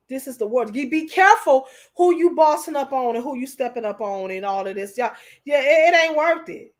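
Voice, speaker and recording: Emotional, preachy high-voiced woman. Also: moderate pace. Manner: preachy, repeats herself, calls listeners honey. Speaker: commentator. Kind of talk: emotional commentary.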